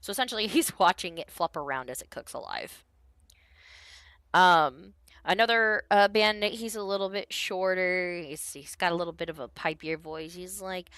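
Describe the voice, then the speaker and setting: A woman's voice: fairly low pitch, moderate pace, a bit bright, smooth, no room sound. A woman narrating a tabletop game as game master in a casual, rambling way. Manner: casual, lots of fillers.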